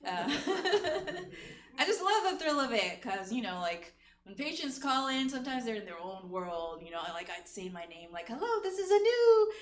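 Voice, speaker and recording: A woman's voice: mid-range voice, normal speed, a bit bright. A woman hosting a comedy show and doing a stand-up set, chatty and laughing at her own jokes, with many filler words. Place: comedy stage in an echoey room. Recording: echoey live room recording.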